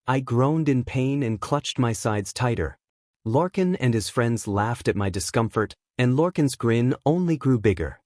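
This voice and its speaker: A man reading a fanfiction story aloud as a first-person narrator, in a subdued, even way of telling it. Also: mid-range voice, unhurried, no echo, clean studio sound. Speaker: fanfiction reader.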